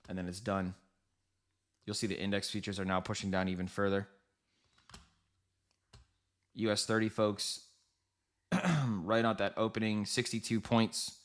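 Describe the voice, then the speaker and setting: Fairly low-pitched and a bit bright, this trading livestream host rattles off quick, meandering market commentary. He speaks directly to his audience and often corrects himself.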